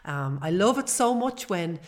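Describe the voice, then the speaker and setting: A woman's voice: fairly low pitch, big pitch swings, unhurried. A woman, hosting a personal podcast in an earnest, chatty way with fillers. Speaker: podcast host.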